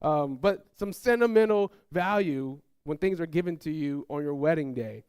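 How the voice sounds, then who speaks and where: A man's voice: fairly high pitch, moderate pace, clear, resonant tone, no room sound. Guy pastor giving a sermon, storytelling, dry close sound, chatty with the crowd. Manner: animated, acts out family quotes in raised voices; addresses congregation, asks them to call out.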